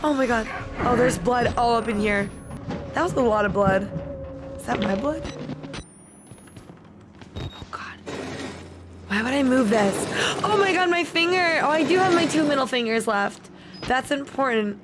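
A woman's voice: a little high, expressive, measured pace, long pauses, noisy background. A young woman streamer giving casual, jokey commentary while playing a horror game, often shrieking and taunting the enemies. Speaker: gaming streamer. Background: game music.

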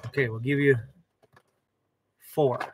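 A young man chatting casually to viewers from inside his van, lively and talkative, fussing over his dog. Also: mid-range voice, slow, very noisy. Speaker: van life vlogger. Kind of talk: casual livestream chat.

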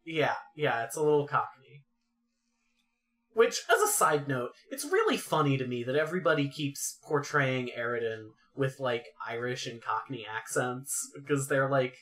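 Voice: medium pitch, animated, moderate pace, fairly bright tone. A podcast co-host in casual chat, playfully dramatic and mock-indignant while rating things.

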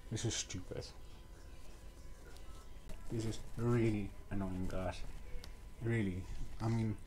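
A man's voice: on the low side, fairly even intonation, slow, mellow. A young man reviewing a toy kit in a casual vlog, muttering and sighing with exasperation as he paints.

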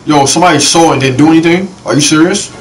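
A young man giving casual, slangy let's-play commentary, reacting to the game with quick excited exclamations. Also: fairly high pitch, distant mic, poor audio. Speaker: gaming channel host. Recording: voice a bit off-mic with faint noise.

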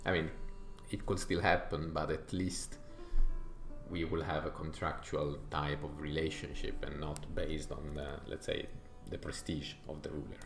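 Italian guy talking through his strategy game, deep gravelly voice, slow and halting, echoey room, music under it. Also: flat delivery. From Italy. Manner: thinking aloud, halting, with frequent fillers. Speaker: gaming YouTuber.

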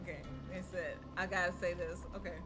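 A woman hosting a gaming stream, laughing a lot and shouting when things go wrong. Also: on the low side, fairly even intonation, a little fast, over music. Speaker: streamer host. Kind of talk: casual gaming chat.

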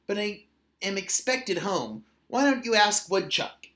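A man's voice: high-pitched, animated, a little slow, sharp tone, full character voice. A man voicing a polite, knowing male fox in a storybook reading. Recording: roomy echo.

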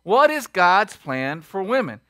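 A man preaching a sermon as pastor, emphatic and quick to throw questions at the congregation. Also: sits high, sing-song, bright, forceful tone, no echo, clean studio sound.

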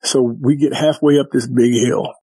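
A man's voice: medium pitch, fairly even intonation, moderate pace, warm tone, breathy edge, no echo, low-quality recording. A man, a guest, casually telling a story in vivid detail and acting out what people said. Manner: vivid retelling with quoted dialogue.

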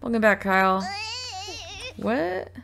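A woman's voice: medium pitch, big pitch swings, slow pace, gravelly, noisy background. Chatty woman narrating her gameplay. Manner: chatty, scolding her game characters. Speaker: gaming video host. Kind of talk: casual gameplay commentary. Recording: game music loud under voice. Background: game music and baby cries.

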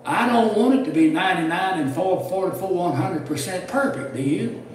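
Male preacher, folksy storyteller, slightly high voice, roomy distant sound. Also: animated, moderate pace. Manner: folksy, storytelling, repeats words. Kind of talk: sermon lecture. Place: church hall. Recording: echoey hall mic from a distance, faint noise.

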